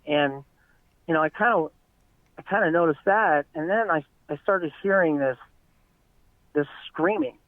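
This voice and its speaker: A middle-aged man tells a long eyewitness story in an earnest, rambling way, his voice sitting a bit high. The sound is tinny and phone-like, with no room in it at all. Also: unhurried, long pauses, no echo. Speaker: eyewitness guest. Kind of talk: casual storytelling.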